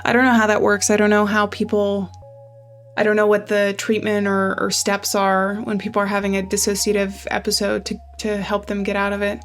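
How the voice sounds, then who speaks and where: A woman's voice: mid-range voice, completely flat delivery, fairly quick, soft background music. A woman playing a narrative game, chatting casually and reading the game text aloud in a thoughtful way. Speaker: let's play gamer.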